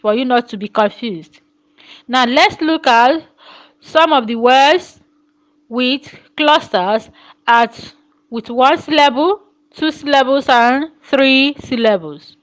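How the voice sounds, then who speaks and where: A woman teaching a phonetics lesson, repeating words slowly and asking rhetorical questions. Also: sits high, poor audio. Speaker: English teacher.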